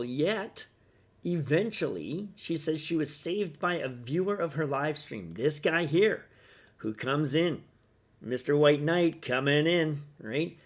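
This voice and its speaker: A man's voice: on the high side, animated, measured pace. A man delivering a sarcastic, indignant opinion rant as a vlog commentator.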